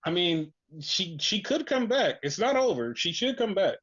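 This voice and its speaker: A podcast host retells wrestling matches in loose, excited chat, swearing freely and leaning on "like" as a filler. The voice sits at a middling pitch, and the recording sounds dull and lo-fi. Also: moderate pace, slightly rough. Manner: excited, profane storytelling with many "like" fillers. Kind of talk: casual wrestling recap chat.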